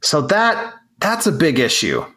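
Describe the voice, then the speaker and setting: A man's voice: fairly high pitch, wildly swooping pitch, measured pace, sharp tone. A man co-hosting a casual car podcast, rambling and reasoning aloud with frequent restarts. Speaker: podcast co-host.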